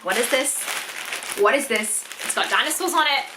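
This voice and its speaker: A young woman in an unboxing vlog, gushing and excitable, swearing often as she opens gifts. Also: high voice, normal speed, noisy background. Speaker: YouTuber.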